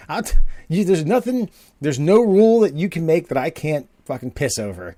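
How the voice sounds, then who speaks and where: A man's voice: fairly high pitch, big pitch swings, a little fast, darkish tone, no echo, clean studio sound. A man co-hosting a podcast, telling stories in a rambling, casual way with lots of fillers and swearing. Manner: rambling, profane storytelling with frequent fillers. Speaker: podcast co-host. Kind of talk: casual chat.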